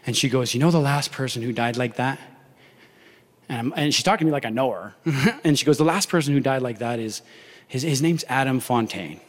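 A man's voice: medium pitch, fairly quick. A young man preaching a sermon, animatedly acting out the voices in his story. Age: young adult. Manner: animated, acts out dialogue in story. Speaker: pastor. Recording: long hall reverb.

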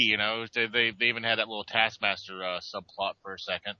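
A man's voice: fairly low pitch, steady tone, fast, hardly any pauses, pushed and bright, dry recording. A man co-hosting a casual podcast chat, rambling with lots of stammered restarts. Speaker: podcast co-host. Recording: dull lo-fi sound.

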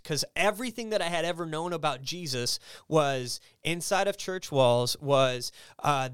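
Animated storyteller man with a smooth voice. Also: no room sound, clean studio sound. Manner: animated, acts out quoted voices in a raised pitch; casual, filler-heavy with frequent restarts. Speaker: podcast guest. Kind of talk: personal testimony storytelling.

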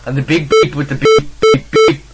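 A man's voice: medium pitch, little pitch movement, brisk, rough recording. A teenage man with an Irish accent from Meath, co-hosting a casual bedroom podcast in a laid-back, filler-heavy way. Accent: Irish, from County Meath. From Ireland. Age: teens. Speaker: co-host. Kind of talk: casual amateur podcast chat. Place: home bedroom studio.

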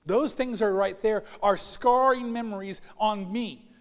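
A man's voice: high voice, a little slow, in a large hall. A man preaching a sermon as pastor, telling personal stories and acting out the voices of people he quotes. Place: church sanctuary.

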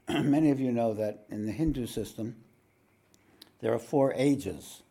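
A spiritual teacher telling a tale to his listeners. He rambles, clears his throat often and fills gaps with "uh". His voice is mellow and dark, with a gravelly rasp. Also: medium pitch, a little slow. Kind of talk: storytelling talk to a meditation audience.

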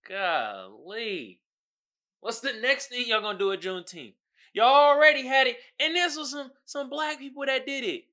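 A man hosting a casual comedic commentary show, speaking, animated with loud outbursts and laughing asides. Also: very high-pitched, normal speed. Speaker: podcast host.

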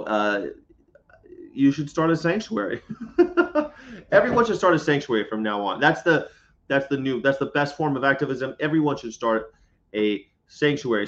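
A man's voice: mid-range voice, a bit bright, muffled recording. A man chatting casually on a livestream, rambling and joking while he answers viewer comments. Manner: rambling and jokey, reads viewer comments aloud. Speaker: vegan livestreamer. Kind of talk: casual live-stream chat. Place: inside a parked box truck.

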